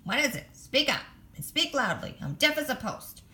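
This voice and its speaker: A woman's voice: high-pitched, big pitch swings, normal speed, pushed and bright, echoey room, pitched above the performer's own voice, heavily acted. Woman doing a scratchy grumpy old owl. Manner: gruff and curt. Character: grumpy, sleepy deaf old male owl.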